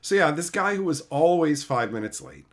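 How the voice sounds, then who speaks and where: A man's voice: on the high side, lively intonation, moderate pace, fairly bright tone. A man streaming, chatting casually and reading viewer comments, with a blunt, profane, heated way of ranting. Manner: reads viewer comments aloud. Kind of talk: casual livestream chat.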